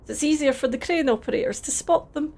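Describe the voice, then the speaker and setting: A woman's voice: sits high, fairly quick, a little mellow, pitched above the performer's own voice. A woman with a Scottish accent voicing a simple, friendly, cheerful male dockworker, reading game dialogue aloud. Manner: cheerful, chuckling.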